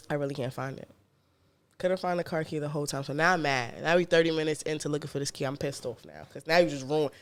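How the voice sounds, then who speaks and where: A woman, co-hosting a podcast, telling a story in casual chat with blunt, profane talk. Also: sits low. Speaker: podcast co-host.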